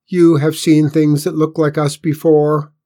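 A man's voice: fairly high pitch, level tone, a little slow, mellow, voice pushed up, close to an everyday voice. A man voicing a group of alien scouts who speak in a stiff, formal and condescending way. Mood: haughty. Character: pompous alien scouts from space, cold and superior.

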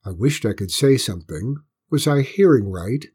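A man narrating a children's story in a lively, expressive reading voice. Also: medium pitch, normal speed, slightly rough.

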